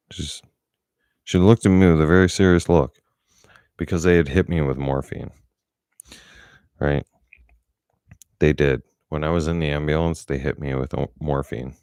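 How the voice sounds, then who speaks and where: Middle-aged male vlogger, very low voice, dry close sound, swears freely while recounting. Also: darkish tone, no room sound. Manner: blunt, profane, angry storytelling. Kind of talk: casual storytelling.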